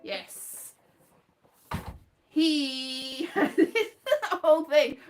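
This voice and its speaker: A woman's voice: high voice, lively intonation, takes it slowly. A woman chatting casually in a rambling, jokey way, often laughing and restarting her sentences. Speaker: host. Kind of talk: casual chat.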